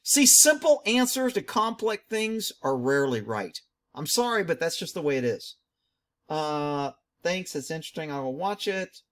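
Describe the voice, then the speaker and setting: A man's voice: on the high side, moderate pace. Chatty man reading comments aloud. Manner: chatty and animated, mocking and muttering asides. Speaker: channel host reading viewer comments. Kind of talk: casual commentary.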